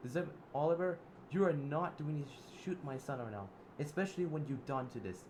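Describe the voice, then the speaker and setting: A man voicing an angry mother who yells in outrage, his voice pushed high and loud. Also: lively intonation, moderate pace, slight background noise. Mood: outraged. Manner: yelling, outraged. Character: angry mother, shrill and accusing.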